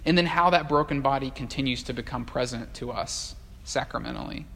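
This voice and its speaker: A male pastor preaching a sermon in a conversational, animated way, with frequent fillers and restarts. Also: medium pitch, fairly quick, gravelly, a little hiss or hum. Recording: long hall reverb.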